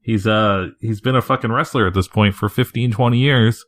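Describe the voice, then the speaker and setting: A man talking casually on a podcast, his voice sitting a bit low. He rambles, swears freely and laughs at his own asides. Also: moderate pace, fairly bright tone. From Northeast US. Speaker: podcast co-host.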